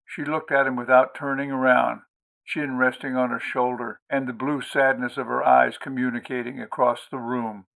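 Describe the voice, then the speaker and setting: Bright-voiced male audiobook narrator. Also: mid-range voice, little pitch movement, normal speed, vocal fry. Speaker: audiobook reader, host.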